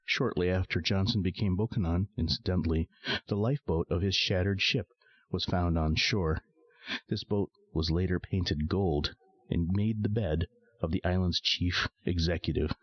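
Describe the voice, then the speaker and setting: Deep-voiced man narrating a novel. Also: steady tone, normal speed. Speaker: audiobook narrator. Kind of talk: scripted narration. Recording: dry, dull lo-fi sound.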